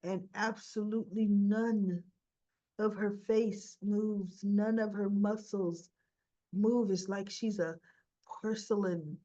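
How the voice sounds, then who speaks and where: Woman rambling slow through a soap recap, does everyone's lines, muffled lo-fi sound. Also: mid-range voice, fairly even intonation, mellow. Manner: chatty, retells scenes by voicing the characters' lines; asides to viewers. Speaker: soap opera reviewer. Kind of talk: casual episode recap.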